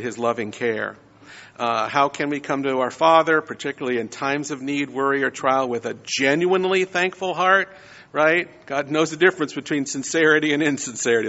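A man's voice: mid-range voice, creaky, pushed and bright, big-room sound, muffled recording. A man giving a conversational sermon, often checking in with his listeners. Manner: conversational, frequent "right?" tags. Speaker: preacher.

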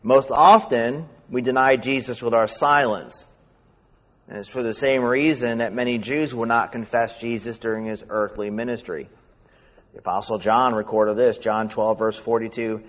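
A man from New York with a faint New York accent, a pastor preaching fast and reading scripture. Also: mid-range voice, steady tone. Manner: talks fast. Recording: echoey hall, dull sound.

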